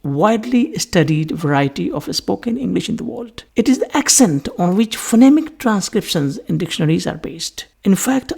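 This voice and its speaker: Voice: mid-range voice, gravelly, a little mellow, slightly rough. A teacher giving a recorded English lecture, repeating key phrases and asking questions before answering them.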